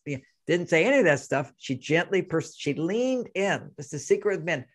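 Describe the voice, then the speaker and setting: An older man, a relationship expert as interview guest, telling animated anecdotes and acting out both sides of the dialogue. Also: a little high, a little fast, few pauses. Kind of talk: conversational storytelling interview.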